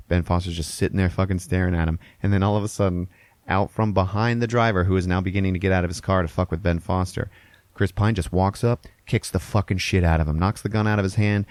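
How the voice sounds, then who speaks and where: Low-voiced man casually recapping a movie. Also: steady tone, fast talker, darkish tone, no echo. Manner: retells scenes with acted-out quotes and frequent swearing. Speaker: podcast host.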